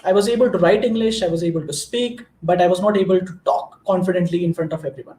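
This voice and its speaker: A man's voice: sits high, steady tone, fast, mellow, reverberant. A man from Maharashtra with an Indian accent, a native Marathi speaker, giving an earnest motivational talk to students and telling small stories. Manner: earnest, storytelling, frequent restarts. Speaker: guest speaker.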